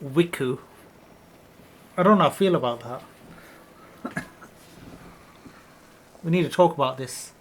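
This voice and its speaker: A man's voice: fairly high pitch, measured pace, long pauses, breathy edge. A man hosting a let's play, riffing jokingly in casual gameplay commentary from a home gaming setup. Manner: joking, rambling riffs on a word.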